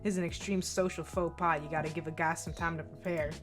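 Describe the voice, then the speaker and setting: A woman voicing a cool, ironic teenage boy with a deadpan, drawling delivery and casual swearing. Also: low-pitched, fast talker, music in the background, pitched below the performer's own voice, close to an everyday voice. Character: cool ironic teen boy, laid-back swagger.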